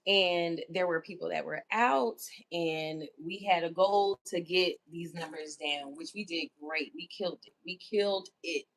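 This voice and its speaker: A woman's voice: fairly low pitch, a little slow, hardly any pauses, a bit bright. A woman hosting a livestream in casual chat, candid and self-affirming, who keeps asking "you know what I'm saying?". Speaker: livestream host.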